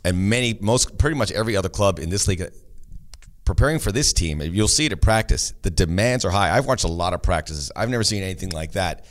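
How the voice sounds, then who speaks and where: In a studio close to the team's home ground, a man co-hosts a laid-back soccer talk show, chatting and fielding listener questions. His voice is low and expressive, and he talks quickly.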